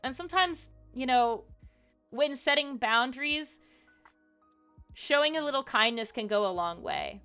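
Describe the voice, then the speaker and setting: A woman's voice: sits high, lively intonation, a little slow, pauses often, sharp tone, clean tone, muffled recording, soft background music. A woman streamer talking casually to her live chat, with lots of fillers and asides. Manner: chatty, frequent fillers.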